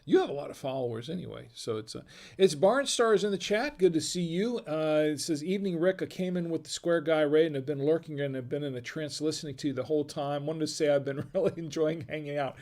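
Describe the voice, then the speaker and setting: A man's voice: on the high side, fast talker, a little mellow. A man hosting a casual livestream while drinking wine, tipsy, rambling as he reads the chat aloud and chuckling often. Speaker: livestream host. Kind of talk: casual live-stream chat.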